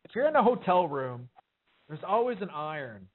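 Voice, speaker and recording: A man's voice: on the high side, very animated, normal speed. A man hosting a casual chat show, talking bluntly and profanely and rambling with lots of fillers. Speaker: podcast host. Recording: tinny phone-like sound.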